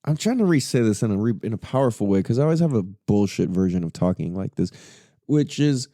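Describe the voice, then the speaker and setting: A man's voice: brisk, no room sound, studio quality. A man hosting a podcast, telling a story in a casual, profane way, with his voice jumping up when he quotes his own thoughts. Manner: animated and profane, pitch jumps when quoting himself. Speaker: podcast host.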